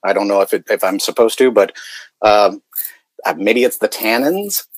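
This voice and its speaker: A man's voice: fairly low pitch, moderate pace, no room sound. A man who narrates audiobooks, chatting casually as a guest and often repeating his words as he starts a sentence. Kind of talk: casual video-call chat.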